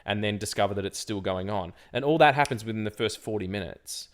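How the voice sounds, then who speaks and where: A man's voice: lowish voice, fast talker. A man in his forties on a podcast, talking about a favorite film in a rambling, enthusiastic way full of restarts. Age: 40s. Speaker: podcast co-host. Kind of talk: casual film chat.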